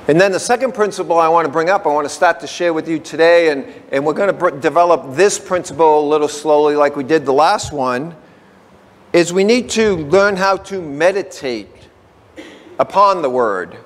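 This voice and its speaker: A man preaching a conversational sermon as pastor, chatty and folksy, slowing down to read definitions word by word. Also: on the high side. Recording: long hall reverb.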